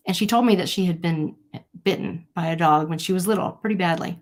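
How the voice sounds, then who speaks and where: A woman with a slightly low voice hosts a live-streamed talk, speaking to her viewers in an earnest, personal way. She tells stories and acts out what people said with lively quoted voices. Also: fast. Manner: earnest, storytelling, animated quotes. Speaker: host.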